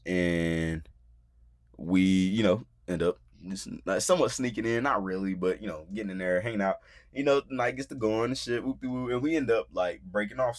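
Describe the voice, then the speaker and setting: A man's voice: deep voice, darkish tone. A young man hosting a podcast, telling a story in loose, slangy casual talk and acting out the quotes. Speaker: podcast host.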